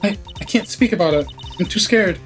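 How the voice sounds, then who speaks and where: A man's voice: high voice, a little fast, music in the background, natural voice. A man voicing a frightened young female witness who stammers and pleads, reading game dialogue aloud.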